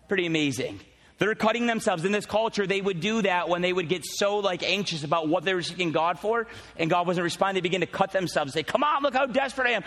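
A male pastor with a high, bright-sounding voice preaches in a conversational, animated way, slipping in teasing asides to his congregation. His voice carries a long reverb from the church hall. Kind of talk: sermon with casual asides.

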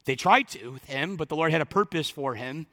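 A male pastor delivers a fervent sermon in a high, bright voice. He pushes hard on key lines, then drops to quiet, slow passages. A long reverb hangs behind him as in a large hall. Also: expressive. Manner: impassioned preaching that swings from loud to hushed.

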